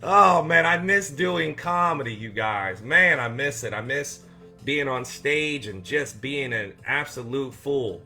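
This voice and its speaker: A man's voice: medium pitch, measured pace, faint music behind. A man hosting a casual motivational live stream for veterans, rambling and joking in an upbeat, encouraging way. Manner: warm and encouraging toward viewers. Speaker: coach and host of a weekly live show for veterans.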